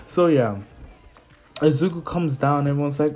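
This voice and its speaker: A man tells a fan story in a relaxed, rambling way, with plenty of casual fillers. His voice sits at an average pitch for a man. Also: unhurried, faint music behind. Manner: rambling, loose with fillers like "so yeah".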